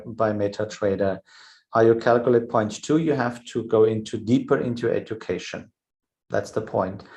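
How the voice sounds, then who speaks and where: A man's voice: mid-range voice, creaky, a little mellow, poor audio. A man hosting a live trading webinar, thinking aloud over charts with frequent "yeah" fillers. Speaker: trading show host.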